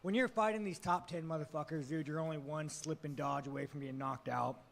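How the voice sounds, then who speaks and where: A fighter answering reporters at a press conference, brash and joking, swearing constantly. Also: male voice, on the high side, fairly even intonation, fairly quick, vocal fry, a bit bright. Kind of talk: profane casual press talk.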